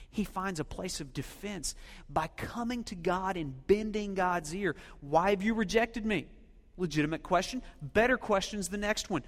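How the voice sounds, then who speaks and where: A man preaching a sermon in a church, swinging between loud emphatic questions and hushed, near-whispered lines. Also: sits high, long reverb tail. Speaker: pastor.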